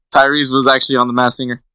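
A man's voice: medium pitch, level tone, quick pace, bright, forceful tone, smooth, dry recording. A young man co-hosting a podcast in casual chat, teasing and full of fillers as he reads out lists. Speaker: podcast co-host.

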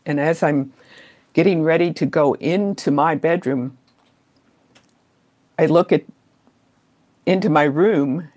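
A middle-aged woman being interviewed, recounting her childhood memories in a measured way that slows down at the key moments. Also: low-pitched, darkish tone. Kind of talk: storytelling interview.

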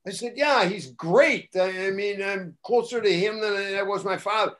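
An older man, a former wrestling broadcaster, telling casual stories on a talk show and acting out the voices of the people he quotes. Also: normal speed. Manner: animated, acts out quoted voices with rising pitch and loudness. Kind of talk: casual anecdotal storytelling.

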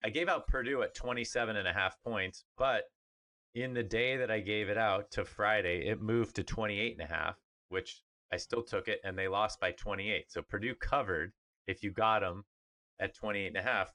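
A man's voice: lowish voice, moderate pace, pushed and bright. A man co-hosting a podcast, chatting casually about sports in an upbeat, rambling way with fillers. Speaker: podcast co-host.

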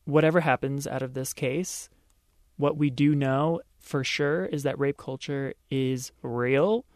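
Male podcast co-host, casual chat, emphatic, self-mocking, medium pitch. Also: fairly even intonation, unhurried, a little mellow, no echo, clean studio sound. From Baltimore, USA.

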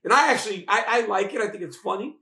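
A man with a high, sharp voice and some vocal fry speaks quickly and animatedly. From a hotel on a video call, he co-hosts a fight talk show, teasing, repeating himself and laughing often; the recording has a noticeable echo.

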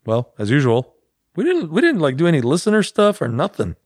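A man's voice: on the high side, wildly swooping pitch, brisk, no room sound, studio quality. A man co-hosting a podcast in casual chat, rambling and joking, with mock-heroic asides. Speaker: podcast co-host.

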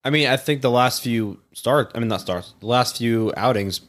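A man co-hosting a casual sports podcast, chiming in with quick short remarks. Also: medium pitch, a bit bright. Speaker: podcast co-host.

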